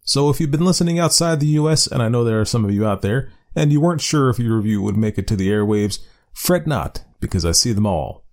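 A man hosting a short-story podcast, talking through his intro in a chatty, animated way. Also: mid-range voice, fast. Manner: lively, animated delivery. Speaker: podcast host. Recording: faint music behind.

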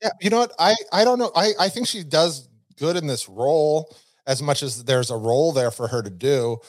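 A man's voice: on the high side, moderate pace, no room sound, studio quality. A man co-hosting a casual chat, rambling and hedging his points as he goes. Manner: rambling, hedging, frequent restarts. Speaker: podcast co-host.

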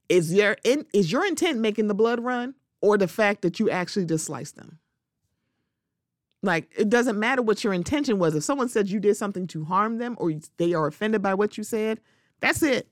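A woman hosting a solo podcast, talking in a lively, conversational way and acting out little quoted exchanges. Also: fairly low pitch, no room sound, clean studio sound. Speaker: podcast host.

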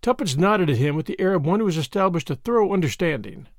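Expressive male audiobook narrator. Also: high voice, quick pace, no room sound, clean studio sound. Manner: expressive storytelling. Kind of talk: scripted narration.

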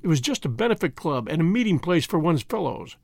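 A man's voice: fairly high pitch, sing-song, fairly quick, vocal fry, darkish tone, no room sound, studio quality, exaggerated voice. A man voicing a bitter, fearful older lodge brother. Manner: vehement, pleading, grave.

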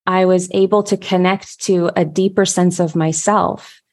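A woman's voice: on the low side, fairly even intonation, unhurried, a little mellow. A woman, the show's host, telling a personal story in a casual conversation, heartfelt and full of restarts.

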